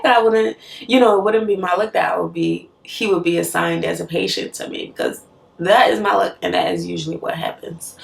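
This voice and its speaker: Young woman, nurse, storytime vlog, gravelly voice, a bit off-mic. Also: mid-range voice, echoey room, far from the mic. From West Africa. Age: young adult. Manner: animated, laughs often, many fillers.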